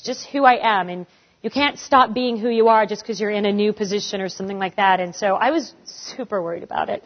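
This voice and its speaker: A woman in her forties answering audience questions in a casual, animated way, acting out the voices of people she quotes. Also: a little high. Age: 40s. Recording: dull lo-fi recording.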